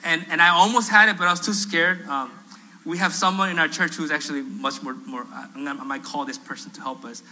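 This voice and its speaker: Male pastor, fairly high, very bright and forceful tone, lively storyteller who acts out quotes with humor. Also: quick pace, low-quality recording. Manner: animated, acts out quoted voices, self-deprecating humor. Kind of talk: storytelling sermon. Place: church sanctuary.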